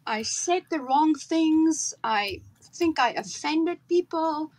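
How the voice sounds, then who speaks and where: Woman from south africa on a video call, kinda high voice, talks slow and lively about her acting days. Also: low-quality recording. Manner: animated storyteller, acts out her own accent. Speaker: guest actress. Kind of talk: casual interview chat.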